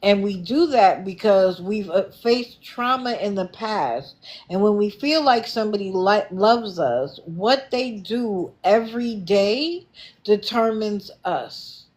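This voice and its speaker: A middle-aged woman talks in a slow, unhurried way as she hosts a livestream. She gives sassy, animated commentary and fires back at her chat. Her voice sits at an ordinary middle pitch. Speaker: livestream host.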